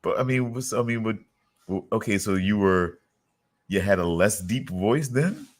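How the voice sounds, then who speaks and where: A man's voice: fairly low pitch, animated, moderate pace. A man co-hosting a podcast, wry and questioning in casual chat. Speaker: podcast co-host.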